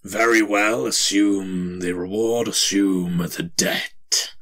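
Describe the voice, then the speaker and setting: A man voicing a huge menacing male dragon in a tabletop game, drawing his words out in slow, breathy threats. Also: sits low, fairly even intonation, bright, forceful tone, exaggerated voice.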